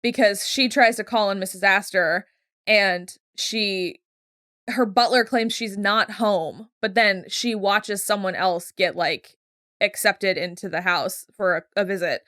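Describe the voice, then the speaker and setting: A woman's voice: mid-range voice, measured pace, a bit bright, no room sound, clean studio sound. A young adult woman co-hosting a show recap, chatting casually and retelling scenes with quoted voices. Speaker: podcast co-host.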